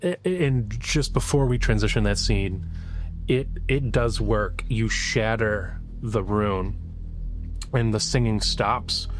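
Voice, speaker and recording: A man narrating as game master, describing scenes in a halting way with frequent fillers. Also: lowish voice, music in the background.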